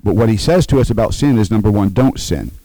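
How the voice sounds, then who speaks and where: A man preaching a conversational sermon, slowing and rising to stress key points and checking in with his listeners. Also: lowish voice, lively intonation, dark tone, no room sound, poor audio. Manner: conversational preaching, frequent "okay?" check-ins. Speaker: pastor.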